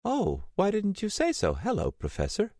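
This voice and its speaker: A man voicing a frail, confused elderly woman, a former vice president, soft and weak-voiced, drifting in and out. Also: high voice, wildly swooping pitch, normal speed, no room sound, studio quality, pitched above the performer's own voice, exaggerated voice. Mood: vague, wandering. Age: older. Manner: vague and drifting, briefly imperious. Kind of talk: audiobook character voice.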